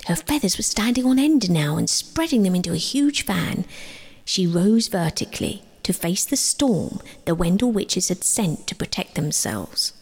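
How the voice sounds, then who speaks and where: A woman reading her own sleep story aloud, gentle and slow, often dropping into a whisper. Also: on the low side, very animated, gravelly, slightly rough. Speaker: storyteller and author.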